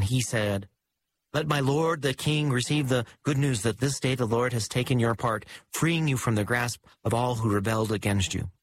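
A man reading scripture aloud in a measured, solemn liturgical style. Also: medium pitch, rough recording. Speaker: liturgical reader. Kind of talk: scripture reading and chanted responsory.

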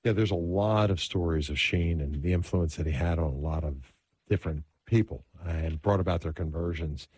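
A man's voice: low voice, moderate pace, husky, no room sound. A man hosting a radio talk show, introducing his guest and announcing a break. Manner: announces breaks and phone lines in a steady host manner. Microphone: studio microphone.

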